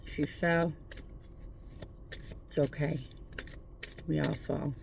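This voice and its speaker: A tarot reader talks into a phone from a parked car at night in a gravelly, creaky voice. The talk is a casual spiritual pep talk, earnest and encouraging, but full of swearing and wisecracks. A faint hiss sits under the voice. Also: mid-range voice, flat delivery, slow pace. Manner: profane, joking, earnest encouragement.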